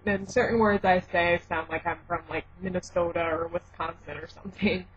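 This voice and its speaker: A woman's voice: on the low side, steady tone, moderate pace, slightly rough. A young woman from Michigan with a mixed Midwestern and South Jersey accent, chatting casually in a vlog, rambling with fillers and self-corrections, then reading a word list. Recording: dull lo-fi home video audio.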